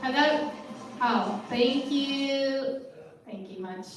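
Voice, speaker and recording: A high-voiced woman hosts a comedy panel, bubbly and sing-song. She sounds far from the mic, and the room rings around her. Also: drawn-out words, soft background music. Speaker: host. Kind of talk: hosting a comedy panel show. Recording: echoey room picked up from a distance.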